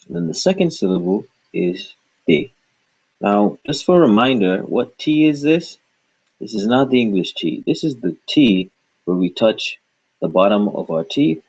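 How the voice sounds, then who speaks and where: A man's voice: fairly low pitch, big pitch swings, moderate pace, creaky, darkish tone, husky. A man teaching a reading lesson, patiently sounding out syllables and repeating them for the learner. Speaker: language teacher. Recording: dull lo-fi recording.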